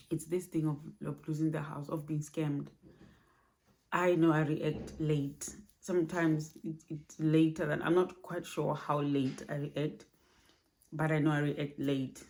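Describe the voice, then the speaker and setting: A woman speaking softly and haltingly in a personal vlog recorded at home at night, low on energy. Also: gravelly. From Australia. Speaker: vlogger.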